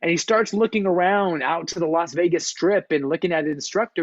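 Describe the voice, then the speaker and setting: A man who is a performance coach, giving a motivational talk on a video call in an animated storytelling manner. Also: on the high side, brisk, few pauses, no echo, dull audio. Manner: storytelling, animated, acts out quotes. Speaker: performance coach, guest speaker.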